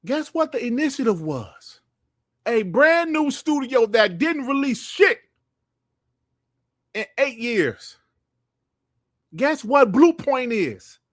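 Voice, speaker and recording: A man hosting a gaming podcast livestream, ranting in a heated, profane and animated way. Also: extremely high pitch, slow pace, pauses often, no echo, clean studio sound. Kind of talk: livestream commentary rant.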